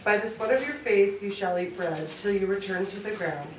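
A woman's voice: medium pitch, normal speed, recorded from a distance, a little hiss or hum. A woman taking part in a Bible study group, reading scripture aloud with careful, slightly hesitant delivery. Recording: echoey room, voice from afar.

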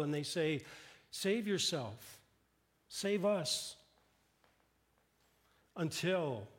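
A man preaching a sermon with a fairly high voice. He builds earnest emphasis through his phrases, then drops to a hushed, quiet tone when he quotes words spoken in the story. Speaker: pastor.

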